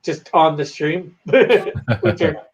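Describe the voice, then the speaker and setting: A man's voice: a little high, expressive, drawn-out words, lo-fi sound, slight background noise. A Canadian man chatting casually about creating his comic hero, rambling with many fillers and hesitations. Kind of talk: casual chat.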